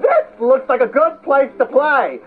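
A man's voice: very high voice, lively intonation, a little slow. An actor playing the Mad Hatter, a giggly, fussy, scatterbrained man who leads children in a game. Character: giggly eccentric male Mad Hatter hosting games. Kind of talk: theme-park character show with children. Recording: tinny lo-fi recording with faint music.

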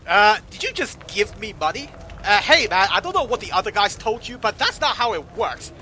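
A man's voice: sits high, sing-song, a little fast, sharp tone, slight background noise. A man giving comedic gameplay commentary in a sarcastic, profane, exasperated manner. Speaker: commentator voicing the player character.

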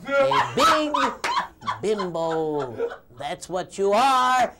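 A man playing a loud, insulting conservative debater in a TV comedy sketch, shouting and mocking with rhymes. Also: high-pitched, big pitch swings, drawn-out words, very noisy, heavily acted. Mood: ranting. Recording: studio audience laughing loudly.

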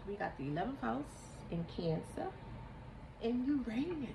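A woman's voice: on the high side, very animated, moderate pace, gravelly, far from the mic. A woman giving a casual tarot reading, with a frank, emphatic, preachy way of talking and the odd swear word. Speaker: tarot reader. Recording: echoey room, voice off-mic, faint hiss.

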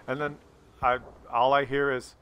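A gaming video creator, male, casually tells a funny family story over gameplay, animatedly acting out the people involved. His voice is mid-range at normal speed. The recording has the highs cut off and slight background noise.

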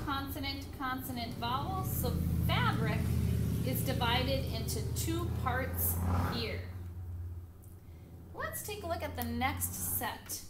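A high-pitched female second grade teacher leads a phonics lesson for young children in a classroom with a screen. She speaks slowly and patiently, repeating each word clearly so the kids can count along, in an echoey room with faint background noise.

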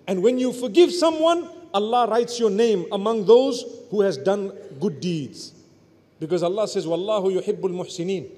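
A male preacher with a high voice delivers a religious sermon. He builds to loud, urgent peaks and then falls to quiet, low murmurs. His voice trails off into a long hall reverb. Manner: rises to near-shouts, then drops to soft low murmurs. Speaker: Islamic preacher.

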